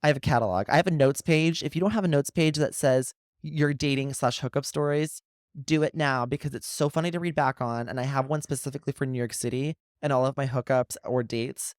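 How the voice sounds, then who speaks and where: A woman in her twenties co-hosting a podcast, chatting casually and jumping in with quick reactions. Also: rumbling low, darkish tone, dry recording, clean studio sound. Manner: chimes in with short reactions and advice. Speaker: podcast co-host. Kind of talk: casual chat.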